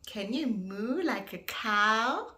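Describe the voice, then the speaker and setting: Slow sing-song woman teaching toddlers. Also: fairly high pitch, animated, pushed and bright. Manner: slow, exaggerated, sing-song delivery with gasps and animal sounds. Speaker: children's educator. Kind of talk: toddler learning video.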